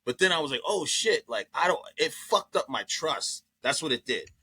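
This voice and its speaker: A comedian telling a story on a podcast in an animated way, swearing freely and repeating himself. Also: male voice, fairly high pitch, moderate pace, a little hiss or hum. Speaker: comedian guest.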